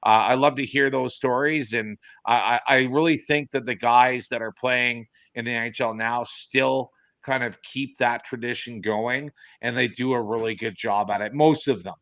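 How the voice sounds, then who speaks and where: A man's voice: mid-range voice, steady tone, moderate pace, hardly any pauses, a bit bright, no room sound. A man hosting a casual chat, speaking earnestly and reflectively, with repeated words. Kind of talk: casual commentary.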